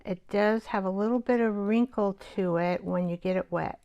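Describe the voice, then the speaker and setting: A woman hosting a live art show, chatting and thinking aloud as she works, with soft half-whispered asides. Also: medium pitch, moderate pace, lo-fi sound. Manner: chatty, rambling, talks to herself while working.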